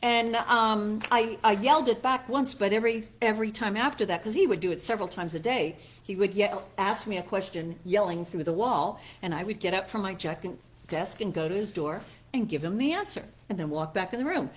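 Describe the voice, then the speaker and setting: A woman's voice: medium pitch, brisk, few pauses. Middle-aged woman minister telling stories. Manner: chatty storytelling, laughs at herself, acts out quoted voices. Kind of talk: conversational sermon with personal stories.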